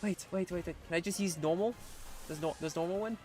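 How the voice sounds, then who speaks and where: Young male streamer, high and theatrical, lots of swearing, from panicked squeals to grumbles. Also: a little fast, darkish tone, faint music behind. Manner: melodramatic, swears a lot, swings from squealing pleas to low muttering. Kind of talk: live gameplay commentary.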